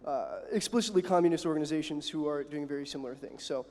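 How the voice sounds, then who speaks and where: A man giving a debate floor speech, halting, with many fillers, often tagging "right?". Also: fairly high pitch, a little mellow. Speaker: student debate speaker. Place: university hall. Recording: long hall reverb.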